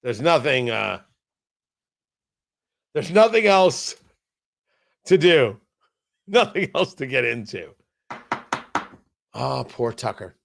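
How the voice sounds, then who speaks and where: A man's voice: mid-range voice, very animated, slow, vocal fry, pauses often. A man hosting a political commentary show, sarcastic and exasperated, often stumbling over restarts. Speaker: talk show host.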